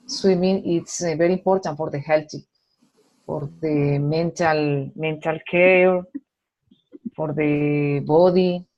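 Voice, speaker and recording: Student, woman, low voice, slow hesitant delivery, muffled call audio. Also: fairly even intonation, a little mellow. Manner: hesitant, searching for words, many fillers. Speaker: adult English student.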